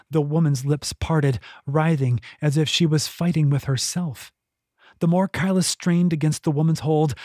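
A man reading his own fantasy novel aloud in steady, measured audiobook narration. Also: a little high, slightly rough, dry recording, clean studio sound.

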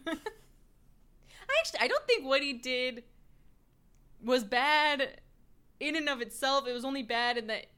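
A woman talking in a casual recap chat, in a fairly high voice with a lively swing to it. She is chatty and animated, and breaks into laughs between points. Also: measured pace, pauses often, clear, resonant tone. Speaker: podcast co-host.

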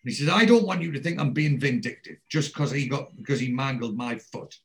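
Man, podcast host, casual recap, mid-pitched, acts out quotes. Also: a little fast. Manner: animated storyteller acting out quoted lines.

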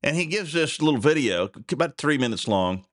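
A man's voice: on the high side, animated, brisk, no room sound, clean studio sound. A man hosting a solo commentary podcast, rambling and indignant, his voice jumping up sharply when he gets outraged. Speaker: podcast host. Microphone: desk mic with a censor button.

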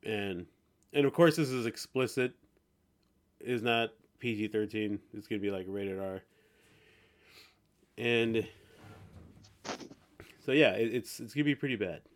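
A man's voice: fairly low pitch, measured pace, long pauses. A man hosting a podcast in a loose, casual chat, talking through a sick voice and swearing casually. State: sick, congested voice. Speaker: podcast host.

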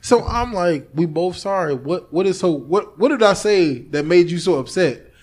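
Male podcast host, slightly higher pitch, animated and profane storyteller. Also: moderate pace. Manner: animated storytelling, acting out his own past lines, swearing freely. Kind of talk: casual chat.

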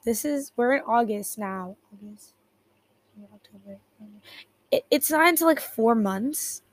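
A woman's voice: fairly high pitch, animated, moderate pace. A teenage girl hosting a podcast in a casual chat, rambling, giggling and correcting herself as she talks, at her computer in her bedroom. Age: teens. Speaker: podcast host. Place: bedroom at home. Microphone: headphones at a computer keyboard.

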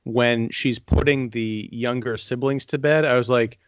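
A man co-hosting a casual movie review chat, giving measured, thoughtful takes. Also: medium pitch, steady tone, no echo, dull audio. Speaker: podcast co-host.

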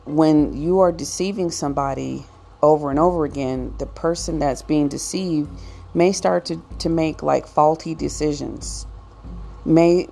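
Slow, gravelly-voiced woman ranting. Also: low-pitched, dark tone. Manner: preachy, emphatic. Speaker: vlogger. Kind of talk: ranting monologue.

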